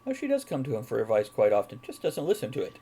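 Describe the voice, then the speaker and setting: Male stream host, lively swooping delivery, reads chat and laughs a lot. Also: medium pitch, fast, slightly rough. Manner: reads chat comments aloud, chuckles often. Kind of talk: live-streamed casual chat.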